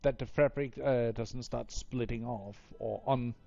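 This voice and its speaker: Rambling gravelly game master man. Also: medium pitch, fairly even intonation, unhurried, dark tone, highs cut off, soft background music. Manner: rambling, filler-heavy. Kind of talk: tabletop game narration.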